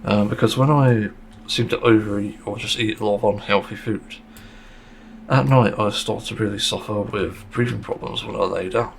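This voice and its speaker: A man's voice: lowish voice, steady tone, moderate pace, vocal fry, slight background noise. A man hosting a casual solo podcast monologue, speaking bluntly and frankly, with plenty of swearing and the odd sarcastic aside. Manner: sarcastic at times. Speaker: podcast host.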